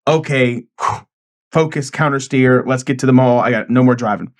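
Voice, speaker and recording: A man telling a story in casual podcast chat, animated and acting out quotes with big jumps in pitch. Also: normal speed. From California.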